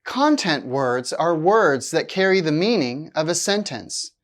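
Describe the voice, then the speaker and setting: Low-voiced woman giving an english lesson, super slow and careful, voice rises and falls a lot. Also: sing-song. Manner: slow, deliberate, with exaggerated stress on key words. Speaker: English teacher.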